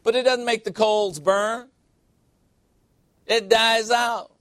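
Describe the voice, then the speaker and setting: A man's voice: high-pitched, fairly even intonation, slow, a bit bright, no room sound, studio quality. A man preaching a sermon, calling for amens and joking with the congregation between points. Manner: call-and-response preaching, playful asides. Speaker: pastor. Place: church sanctuary.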